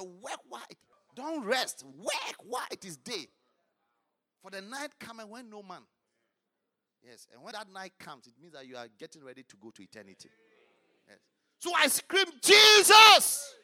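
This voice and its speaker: A man preaching a fervent sermon, swinging between shouted lines and low murmurs.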